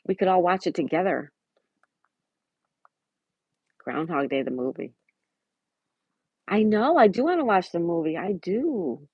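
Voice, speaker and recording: Woman livestream host, low husky voice, chatty, greets viewers by name, dry close sound. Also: lively intonation, unhurried, pauses often, no echo, lo-fi sound. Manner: chatty, reads out chat messages and weather, greets viewers by name. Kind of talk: casual live-chat reading.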